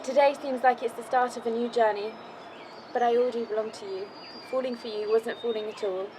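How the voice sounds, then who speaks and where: A woman's voice: fairly high pitch, fairly even intonation, a little fast, background noise. A woman, the bride, reading her wedding vows outdoors in a park, nervous and close to tears.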